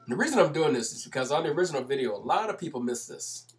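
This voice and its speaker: A man's voice: fairly high pitch, sing-song, rapid-fire. A man commenting over video clips, explaining at length in an emphatic manner and repeating his points.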